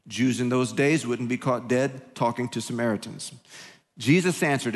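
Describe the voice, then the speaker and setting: A man preaching in a casual, humorous way, his pitch sitting in the middle range. He talks in quick bursts and often restarts his sentences. His voice carries a long reverb from a church hall. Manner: conversational, joking, with quick bursts and repeated restarts. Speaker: pastor. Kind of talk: sermon.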